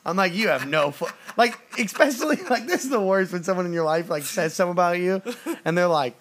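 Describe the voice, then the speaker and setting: A man in casual chat whose voice swings widely and sits a little high. He talks bluntly with lots of swearing and laughs often. He mimics other people's lines as he tells stories. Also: expressive, fast talker, a bit bright. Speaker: podcast co-host answering a personality quiz.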